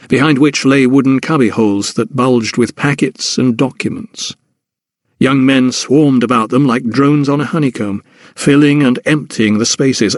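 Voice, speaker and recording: This is scripted narration: a man's mid-range voice tells an audiobook story at a steady, measured pace. The recording is dry and of studio quality.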